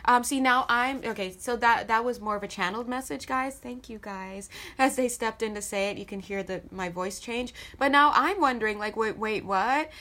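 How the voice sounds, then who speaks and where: A woman's voice: fairly high pitch, normal speed, few pauses, pushed and bright. Chatty woman tarot reader. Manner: chatty, laughs often, addresses viewers as guys. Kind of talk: casual channeled tarot reading.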